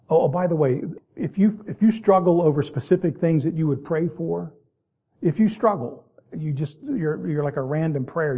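A man preaching a sermon, reading King James verses and then explaining them in plain folksy asides, sometimes stretching words out slowly for emphasis. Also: a little high, gravelly, husky, phone-quality sound.

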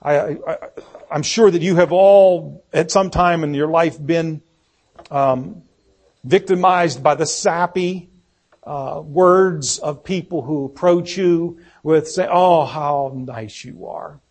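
A man's voice: on the high side, slow, a little mellow. A man preaching a sermon, reading scripture aloud and repeating key words for emphasis.

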